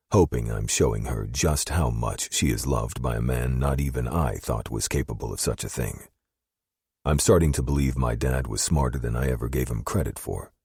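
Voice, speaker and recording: Very deep husky male audiobook narrator. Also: darkish tone, dry recording, studio quality. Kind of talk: first-person romance audiobook narration.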